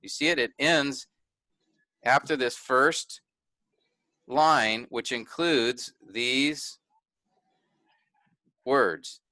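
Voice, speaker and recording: A man's voice: mid-range voice, extremely slow, pauses often, bright, forceful tone, dry recording. A man teaching a workshop over a video call, patiently explaining and often stopping to check that his listeners follow. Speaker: Bible teacher. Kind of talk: online workshop lecture.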